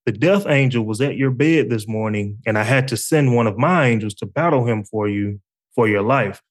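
A man voicing God in a story he reads aloud, with an even, gentle reading voice. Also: mid-range voice, moderate pace, close to an everyday voice. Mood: calm. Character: calm patient God, male, explaining.

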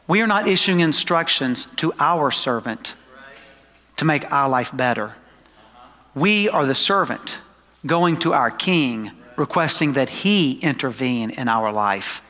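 Bright-voiced preacher man in a reverberant hall. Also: fairly high pitch, animated. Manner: emphatic preaching, slows for quoted scripture; conversational asides to the congregation. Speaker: pastor. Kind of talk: sermon. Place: church sanctuary.

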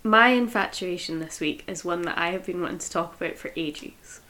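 Woman, lowish voice, dry jokey book chat. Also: a little fast. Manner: relaxed and wry, with dry jokes. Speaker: podcast co-host. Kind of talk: casual chat.

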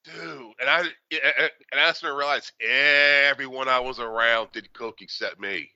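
Podcast co-host, man in his 40s, very bright voice, swears freely, dry close mic. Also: mid-range voice, measured pace, no room sound, dull audio. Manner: profane, animated storytelling. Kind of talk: casual chat.

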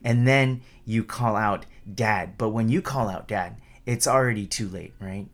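A man's voice: mid-range voice, normal speed. A man giving an informal Buddhist dharma talk in a conversational way, tagging sentences with "right?" and restarting often, raising his voice when acting out the quoted calls. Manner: conversational, keeps asking "right?", restarts and repeats words; acts out quoted calls with a raised voice.

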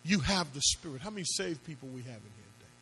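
A man's voice: mid-range voice, big pitch swings, fast, sharp tone, breathy edge. A male pastor preaching a sermon to a congregation, with emphatic call-and-response questions and phrases that he sings out. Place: church before a congregation.

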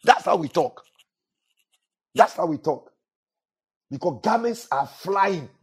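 A man with a somewhat high, husky voice preaches a sermon. He repeats his phrases and keeps asking the congregation to answer back. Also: lively intonation, slow. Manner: repetitive preaching with call-and-response questions to the congregation. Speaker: pastor.

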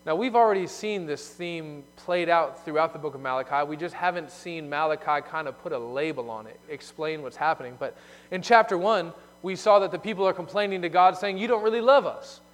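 A man preaching a sermon, explaining a scripture passage and moving between emphatic loud points and quiet asides. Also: high voice. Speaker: pastor. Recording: long hall reverb.

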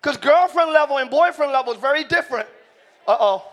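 A middle-aged man preaching a sermon in a church, shouting key lines and slowing down for emphasis while joking with the congregation. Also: very high voice, lively intonation. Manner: joking, talks directly to the congregation. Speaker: pastor. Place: church sanctuary.

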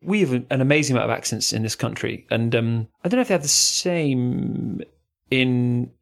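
A man's voice: mid-range voice, expressive, normal speed, creaky. A man hosting a podcast in casual, playful chat, bantering and joking with his co-host.

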